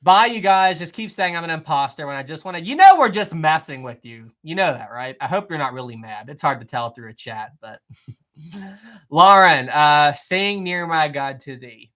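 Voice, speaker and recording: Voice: mid-range voice, lively intonation, normal speed, fairly bright tone. A live-stream host chatting casually and answering the chat, often repeating phrases.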